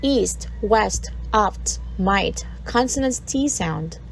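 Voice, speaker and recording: A woman's voice: medium pitch, lively intonation, extremely slow, creaky, a little hiss or hum, rough recording. A woman from the Philippines presenting a recorded literature lesson, reading a poem aloud and breaking down its sounds word by word.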